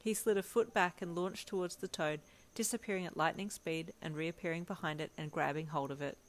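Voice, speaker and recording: A woman reading a second-person fanfiction story aloud at a steady, even pace. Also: lowish voice, a little fast. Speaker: fanfiction reader.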